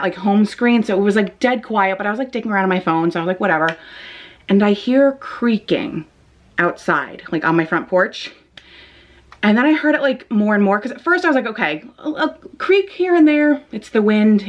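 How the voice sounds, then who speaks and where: A young woman who is still shaken talks to her camera at night in a dim living room. She rambles breathlessly and swears often, filling her story with "like". Her voice sits at a middle pitch and is picked up by a plain phone or webcam mic. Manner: rambling, breathless and profane, lots of "like". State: shaken and jittery. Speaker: vlogger.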